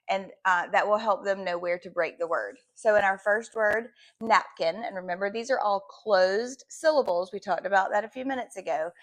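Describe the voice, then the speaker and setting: Woman teacher slowly sounding out phonemes. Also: medium pitch. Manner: slow, sound-by-sound modeling of phonemes. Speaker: second-grade teacher. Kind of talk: phonics lesson for parents.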